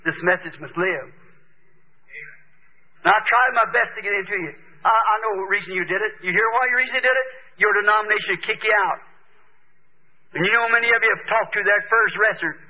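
A man's voice: sits high, fairly quick, narrow, tinny audio. A man preaching an impassioned revival sermon and prayer, declaiming in rising and falling bursts, heard on an old archival tape recording.

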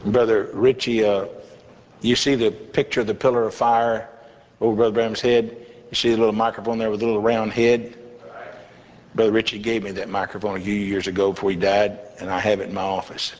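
A man's voice: lowish voice, level tone, a little fast, darkish tone. An older man, a pastor, telling a folksy testimony in a sermon with chuckling asides. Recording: echoey hall, slightly dull with faint hiss.

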